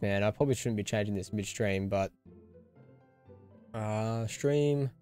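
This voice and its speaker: A man's voice: medium pitch, darkish tone. A man with an Australian accent chatting casually while streaming a video game, muttering to himself as he fixes his settings. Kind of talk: casual gaming stream commentary.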